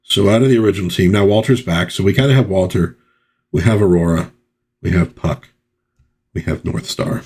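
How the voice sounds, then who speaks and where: A man's voice: deep voice, moderate pace, darkish tone, breathy edge. A man hosting a casual comic book review, chatting in a loose, rambling way with fillers and reading panel dialogue aloud. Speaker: pop culture channel host.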